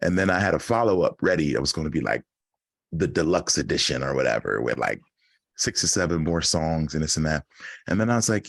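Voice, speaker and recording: Deep-voiced laid-back man, dry close mic. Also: animated, brisk, vocal fry, a bit bright, no room sound. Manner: laid-back, laughs often, acts out quoted voices. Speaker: podcast guest, rapper. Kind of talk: casual interview chat.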